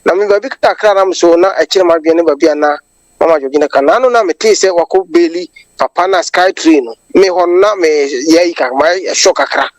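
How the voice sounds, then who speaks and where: A woman's voice: mid-range voice, a little mellow, no echo, poor audio. A Ghanaian woman calling in to a radio show, delivering a long impassioned monologue that switches between English and Twi. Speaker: caller. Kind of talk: phone-in political commentary.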